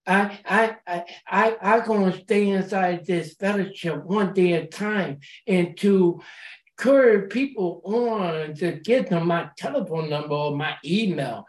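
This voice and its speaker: Woman sharing at a meeting; very slow, halting delivery, encouraging tone, echoing room. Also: mid-range voice. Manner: halting, repeats words on restarts; warm, encouraging. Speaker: recovery meeting member. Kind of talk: sharing at a support group meeting.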